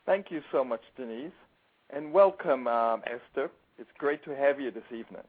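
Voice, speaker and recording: A man's voice: medium pitch, animated, normal speed, husky. A man co-hosts a radio interview and asks his guest friendly, short questions. His voice sits in a middle range and comes through a narrow, tinny phone line. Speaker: radio co-host.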